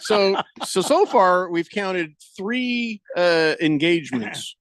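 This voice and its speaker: Lively, higher-pitched male radio host. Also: slow pace, no echo. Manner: animated storyteller, acts out quoted voices. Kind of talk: casual sports radio banter. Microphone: studio microphone.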